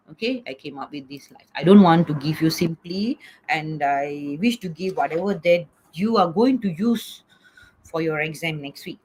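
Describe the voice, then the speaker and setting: A woman's voice: low-pitched, a little mellow, a little hiss or hum. A middle-aged woman teaching an online class over a video call, coaxing students and checking in with "okay?" after nearly every point. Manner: repeats "okay?" often, coaxing. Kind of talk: online lecture.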